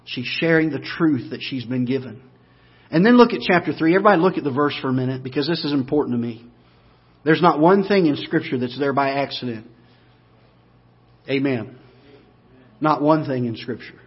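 A pastor preaching a sermon, moving from quiet, low talk up to loud, emphatic, repeated declarations. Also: male voice, moderate pace, long pauses, slightly rough, dull audio.

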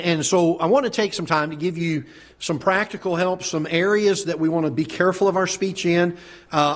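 A man preaching a sermon as pastor, his voice raspy and soft as if close to losing it, with many "uh" fillers and the odd joking aside. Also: a little high. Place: church auditorium.

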